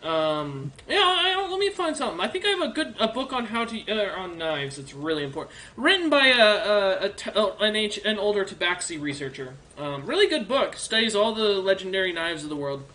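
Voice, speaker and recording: Eager, rambling red orc librarian, high and bright, put on by a man. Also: big pitch swings, brisk, hardly any pauses, full character voice. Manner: eager, rambling, stammering restarts. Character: friendly chatty male red orc librarian.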